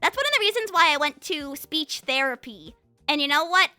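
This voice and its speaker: Young streamer girl, super high bright voice, talks fast, dry mic w faint music. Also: expressive, dry recording. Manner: very fast, bubbly talk. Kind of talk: casual chat with live chat.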